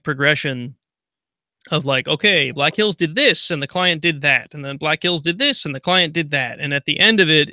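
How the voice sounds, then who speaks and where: A male podcast co-host chatting casually, rambling through stories and laughing along the way. His voice sits a bit high, with a gravelly edge and a bright, forceful tone. The recording is dry and close. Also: no echo. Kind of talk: casual chat.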